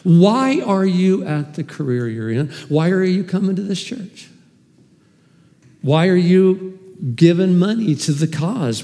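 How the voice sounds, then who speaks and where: A man preaching a sermon as pastor, animated and emphatic, with sudden swings in loudness. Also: high voice, measured pace, long reverb tail. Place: church hall.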